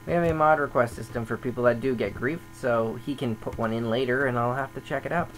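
Guy chatting over gameplay, grumbly and thinking out loud, average pitch, faint hum behind. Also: fast, low-quality recording. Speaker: server admin. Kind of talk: casual gameplay commentary.

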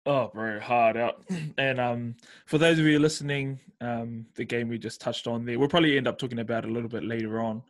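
A New Zealand man hosting a casual podcast, laid-back and easy as he chats and throws questions at his guest. His voice sits at a plain middle pitch for a man. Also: steady tone, brisk. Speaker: podcast host. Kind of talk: casual chat.

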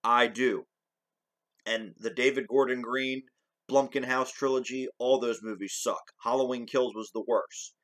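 A man's voice: mid-range voice, steady tone, a little slow, fairly bright tone, poor audio. A man hosting a commentary video, ranting heatedly about movies with lots of swearing and repetition. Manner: heated, profane, repetitive rant. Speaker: commentary channel host.

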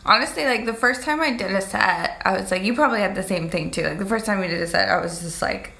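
A woman's voice: medium pitch, quick pace, gravelly, pushed and bright. A young woman from Canada with a Canadian accent, a stand-up comedian chatting as a guest, self-deprecating and full of "like". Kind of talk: casual interview chat.

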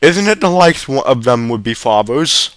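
A man voicing an offended old woman in a pub, huffy and dark in manner. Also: medium pitch, sing-song, normal speed, no room sound.

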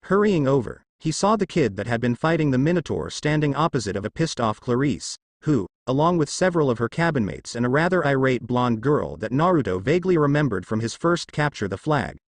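A man narrating a fan story in a lively, expressive reading voice on a close mic. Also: medium pitch, brisk, hardly any pauses, no room sound. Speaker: fanfiction reader.

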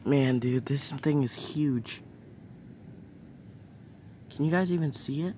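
A man's voice: fairly high pitch, a little slow, long pauses, darkish tone, slight background noise. A young man vlogging outdoors at night on a phone, narrating casually and exclaiming in squeamish alarm about bugs. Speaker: nature vlogger.

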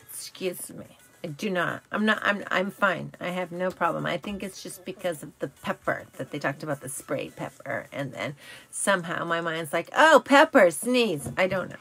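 A woman hosting a casual live stream, chatty and self-correcting, telling corny jokes and riddles, her voice slightly raspy from talking all day. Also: on the low side, normal speed, fairly bright tone, faint music behind. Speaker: live show host.

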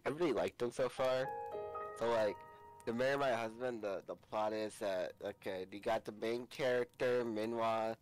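A man's voice: on the low side, moderate pace, no echo, rough recording. Rambling young man over background music. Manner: rambling, swears, laughs often. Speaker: podcast host. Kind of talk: casual chat.

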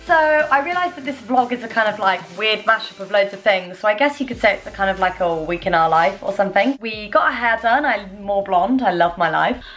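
A woman's voice: mid-range voice, expressive, a little fast, hardly any pauses, a bit bright. A young woman vlogging in a chatty, rambling, giggly way. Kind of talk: casual vlog chat.

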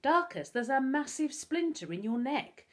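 A woman's voice: sits high, big pitch swings, normal speed, voice pushed up. A woman voicing a bossy, sensible girl who gives commanding orders. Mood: firm. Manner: commanding, reasoning.

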